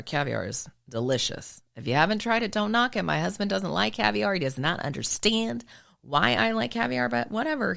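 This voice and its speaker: A woman with a low, polished broadcaster voice delivers a motivational monologue. Her enunciation is crisp. Her pitch swings widely as she puts questions to the listener and answers them with emphasis. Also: sharp tone. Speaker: podcast host and former news broadcaster.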